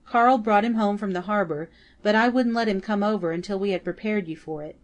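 A woman reading the lines of a tearful, excited neighbour woman, gasping and emotional. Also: medium pitch, brisk, close to an everyday voice. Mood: relieved.

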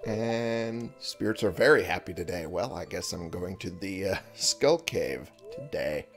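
Sleepy male let's-play narrator: deep, unhurried, chuckles and talks to himself, faint game music underneath. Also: animated. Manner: chatty, thinks aloud, chuckles often. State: sleepy, yawning. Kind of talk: casual gameplay commentary.

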